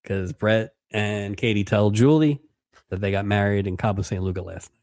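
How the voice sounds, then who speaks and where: Guy on a podcast, kinda low voice, dry sarcastic recap, dead dry room. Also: steady tone, moderate pace, darkish tone, dry recording. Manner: wry, sarcastic, quotes characters in put-on voices. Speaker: podcast co-host. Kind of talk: casual recap chat.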